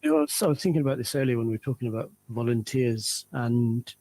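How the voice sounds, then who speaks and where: A man speaking as a charity guest on a radio interview, talking in a measured, earnest way and slowing down to stress his points. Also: mid-range voice, sing-song, gravelly, mellow, rough recording.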